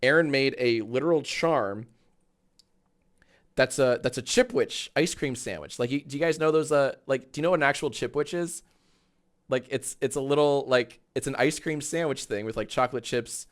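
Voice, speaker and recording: A man in his thirties hosts a casual live stream, rambling loosely with plenty of fillers and swearing. His voice sits at an ordinary middle pitch. When he talks to his dog, he jumps up into a high, cooing baby voice. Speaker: livestream host.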